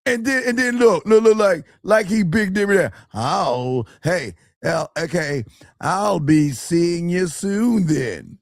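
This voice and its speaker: Brash, profane man with a high voice. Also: no room sound, studio quality. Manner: brash, profane, mocking, emphatic. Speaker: host. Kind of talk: crude advice talk.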